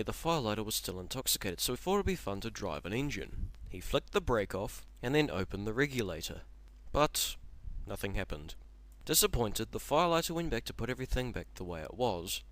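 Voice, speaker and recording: A man narrating a comic cartoon parody in a storybook style. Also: fairly low pitch. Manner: lively, animated storytelling.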